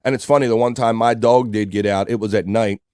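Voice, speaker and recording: A man's voice: fairly low pitch, fairly even intonation, brisk, darkish tone, clean tone, no echo, studio quality. A man with an American accent hosting a live stream show, casually reading out chat messages and greeting viewers. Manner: laid-back, reads chat messages aloud. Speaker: livestream host.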